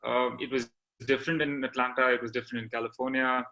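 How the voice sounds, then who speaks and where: A young man from India, a guest on a podcast, speaking in casual chat. He talks in a reflective, measured way, with hesitant pauses. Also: mid-range voice, flat delivery, a crowd in the background, low-quality recording. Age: young adult.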